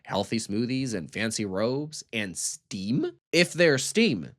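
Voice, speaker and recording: Brief: male recap commentator, mid-pitched, snarky and mocking, with flat deadpan asides and sudden loud bursts.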